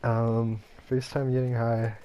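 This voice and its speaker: A man's voice: medium pitch, little pitch movement, slow, dull audio, a little hiss or hum. A young man telling a story in a casual, rambling way, full of fillers and laughs.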